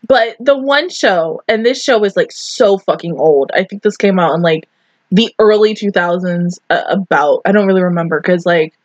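A woman's voice: on the low side, moderate pace, muffled recording. A woman giving casual anime reaction commentary, gushing and swearing, teary and close to crying. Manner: gushing, emotional, swears often.

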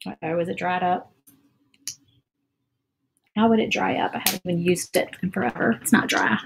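A woman's voice: on the low side, steady tone, moderate pace, vocal fry, slight background noise. A woman chatting casually while she paints on a livestream, self-doubting and saying "y'all" often. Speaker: craft livestream host.

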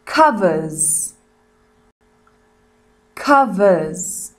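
A South African woman teaching young children, pronouncing words clearly and repeating them in a revision lesson. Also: mid-range voice, sing-song, extremely slow.

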